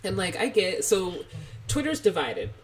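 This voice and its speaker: A woman co-hosting a podcast in casual chat, chatty and animated with self-mocking humor. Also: on the low side, unhurried, over a noisy crowd. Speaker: podcast co-host.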